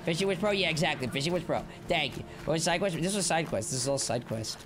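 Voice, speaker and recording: A man streaming a video game live, playful and goofy, chanting silly lines and shouting at the game. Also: on the high side, expressive, fast talker. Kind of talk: live-stream gameplay commentary. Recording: game music playing behind.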